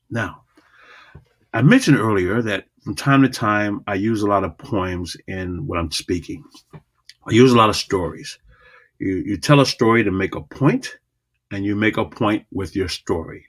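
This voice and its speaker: A man teaching a public speaking lesson, emphatic and repetitive, swinging between loud and soft delivery. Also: lowish voice, husky. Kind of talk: coaching lesson to a class.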